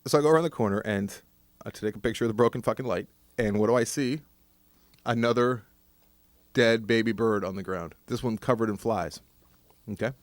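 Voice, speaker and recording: A man co-hosting a casual podcast, telling a long story with lots of swearing and sudden jumps in pitch. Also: a little fast, pauses often, no echo. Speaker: podcast co-host. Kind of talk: casual chat.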